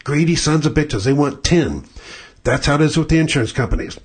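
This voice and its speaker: A male stand-up comedian, ranting bluntly and profanely in a husky voice. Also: fairly high pitch, lively intonation, brisk.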